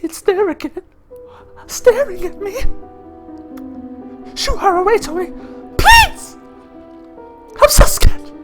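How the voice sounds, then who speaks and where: A man voicing a frightened, tearful little girl in a high, whimpering falsetto while playing a horror game. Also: sing-song, takes it slowly, pauses often, a bit bright, soft background music, exaggerated voice. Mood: scared, pleading.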